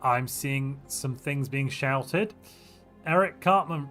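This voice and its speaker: Over faint background music, a game streamer casually commentates a strategy game on a livestream, his medium-pitched voice slow, bright and forceful. He playfully reacts to viewer chat and muses aloud while weighing his options.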